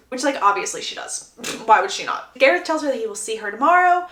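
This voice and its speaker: Chatty woman with a high voice. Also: fast, few pauses. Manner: chatty, animated, gossipy. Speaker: book reviewer. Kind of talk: casual book recap. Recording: echoey room.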